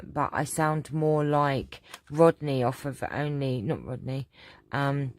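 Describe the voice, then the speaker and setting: A woman with a sore, hoarse throat, chatting casually through a vlog Q&A with lots of ums and throat-clearing. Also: rumbling low. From England. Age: adult, about to marry. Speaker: crafting channel host.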